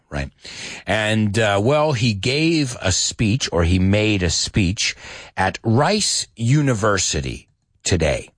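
A man hosting a casual radio show lesson, chatty and animated, explaining expressions and repeating key words. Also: on the low side, no room sound, clean studio sound. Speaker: radio host and English teacher.

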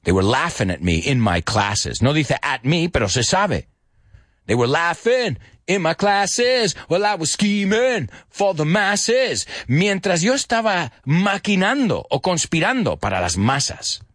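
A middle-aged man, teaching English in a lively bilingual lesson that mixes English and Spanish. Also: a little high, unhurried, dry recording, studio quality. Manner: animated, switches between English and Spanish, sings lyric snippets.

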